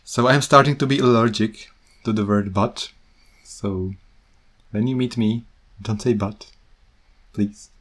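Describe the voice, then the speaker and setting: A man's voice: on the low side, steady tone, measured pace, pauses often, a bit bright. A Czech man hosting a podcast, talking casually and with amusement about teaching English, laughing often. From Czech Republic. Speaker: podcast host.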